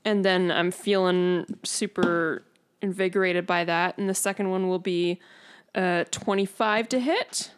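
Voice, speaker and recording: A woman's voice: on the low side, fairly even intonation, unhurried, smooth. A woman playing a tabletop game in casual chat, laughing and swearing as she adds up her dice rolls. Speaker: player.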